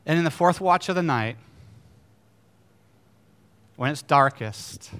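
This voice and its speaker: A man preaching a sermon, swinging between loud exclamations and hushed storytelling and asking his listeners rhetorical questions. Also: fairly high pitch, expressive, takes it slowly. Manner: asks the congregation rhetorical questions. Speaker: pastor.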